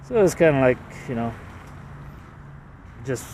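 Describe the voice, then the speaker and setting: A man's voice: mid-range voice, very animated, normal speed, far from the mic, background noise. A man from Canada casually walking through his drawings, hesitant and self-deprecating, with lots of fillers. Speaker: artist showing his drawings. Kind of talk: casual rambling walkthrough.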